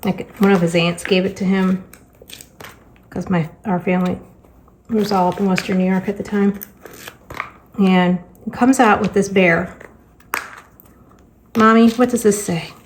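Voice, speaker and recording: A middle-aged woman chats casually while she crafts, telling family stories with a dry, sarcastic, deadpan wit. Her voice sits at an ordinary pitch, and faint crinkling of packaging is heard behind her. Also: normal speed, pauses often, a little hiss or hum. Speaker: crafting vlogger and teacher.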